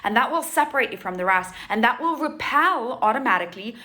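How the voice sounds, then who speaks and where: A woman's voice: fairly high pitch, lively intonation, bright, forceful tone. A woman sales and mindset coach speaking straight to her audience, emphatic and blunt, repeating her points and giving casual advice. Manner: emphatic, repetitive, fast asides. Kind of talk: direct-to-camera coaching talk.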